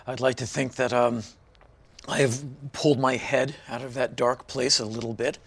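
A man's voice: mid-range voice, flat delivery, moderate pace, creaky, fairly bright tone, husky. A man in his fifties from Washington, D.C., a guest in a casual interview, telling stories with animation and acting out other people's lines. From Washington, D.C., USA. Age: 50s.

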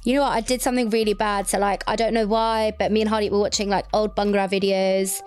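A woman's voice: medium pitch, little pitch movement, fast talker, a little mellow, faint music behind. A young woman with a girlish, childlike voice, chatting and giggling as a podcast co-host. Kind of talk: casual chat.

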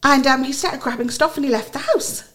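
An Irish woman in her forties with a high voice speaks fairly quickly as a podcast guest. She tells a personal story in an emotional, animated way, acting out what other people said.

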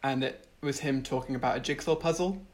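A woman's voice: very deep voice, fairly quick, darkish tone. A woman, co-hosting a casual podcast chat, often hesitant and unsure. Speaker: podcast co-host.

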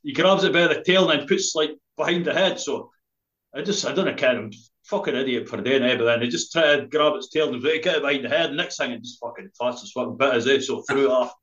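A man's voice: medium pitch, quick pace, a bit bright. A man from Dundee with a Scottish accent, a spoken word poet, rambling through a story full of swearing and tagging his sentences with "eh?". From Scotland. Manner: rambling, laughing, heavy swearing, tag "eh?". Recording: roomy, slightly dull podcast audio.

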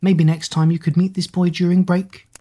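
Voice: mid-range voice, level tone, normal speed, dark tone, husky, lightly acted. A reader voicing Miss Watson, a prying, patronising woman teacher. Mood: probing.

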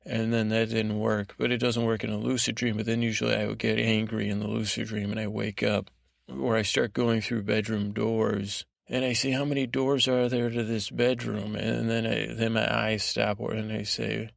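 Gravelly low-voiced man rambling a story. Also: level tone, no room sound, clean studio sound. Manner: meandering, halting, self-interrupting. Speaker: podcast host. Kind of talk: rambling improvised bedtime storytelling.

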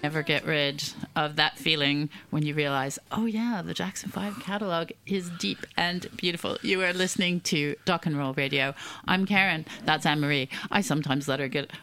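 A woman's voice: deep voice, fairly quick, few pauses, sharp tone, soft background music. A Canadian woman hosting a radio show in a chatty, laughing way, with frequent fillers, on a studio mic. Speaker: radio host. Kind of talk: casual radio chat.

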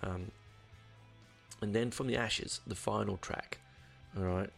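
A man's voice: fairly low pitch, steady tone, slow pace, gravelly, faint music behind. A man giving a casual album review, rambling and hesitant, with lots of ums and restarts. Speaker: music reviewer.

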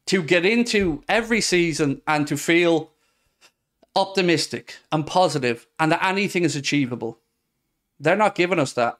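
A man's voice: fairly high pitch, expressive, normal speed, fairly bright tone. A man, hosting a podcast, ranting about football in a heated, sarcastic way. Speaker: podcast host. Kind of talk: passionate football rant.

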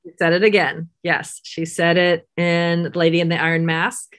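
A woman's voice: deep voice, monotone, moderate pace, few pauses. A woman co-hosting a casual chat about a TV episode, easygoing and full of fillers. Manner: easygoing, many fillers like "you know" and "like". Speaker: podcast co-host.

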